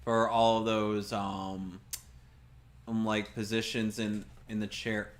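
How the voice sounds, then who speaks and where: A man's voice: fairly low pitch, little pitch movement, takes it slowly. Wry, sarcastic man playing a game. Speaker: gameplay commentator. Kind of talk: casual let's-play chat.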